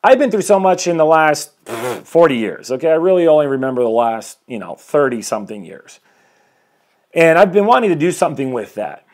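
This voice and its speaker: A man's voice: on the high side, very animated, brisk. A man in his forties, a life coach talking energetically and a bit ramblingly to viewers on a live stream from his home, preaching about self-improvement and greeting people as they join. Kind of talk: motivational live-stream talk.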